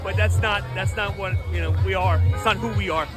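A man's voice: high-pitched, fairly even intonation, brisk. A man in his thirties, a first-time protester, speaking earnestly and emotionally in a street interview. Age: 30s. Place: outdoor protest. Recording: street interview with loud crowd and music.

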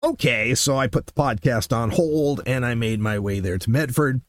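A man hosting a casual solo podcast, telling stories in an animated way and acting out what people said. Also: mid-range voice, normal speed, no echo, studio quality. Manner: animated storyteller who acts out quotes. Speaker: podcast host.

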